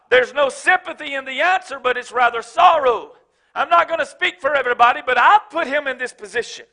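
A man preaching a sermon as pastor, swinging from shouted emphasis to low, joking asides. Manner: casual, joking, speaks of his wife.

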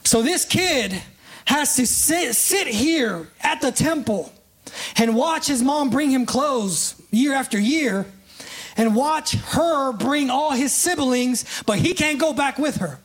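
A preacher delivering a relaxed sermon in plain conversational speech. The talk leans on "right?" and "you know", and listeners get pulled up to act out the scene. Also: sits high, takes it slowly, breathy edge. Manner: casts listeners in live illustrations.

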